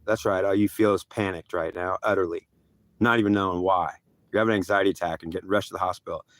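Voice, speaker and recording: A man voicing a wrathful male God who scolds and threatens in a low, commanding tone. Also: steady tone, fast talker, fairly bright tone, no room sound. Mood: cold.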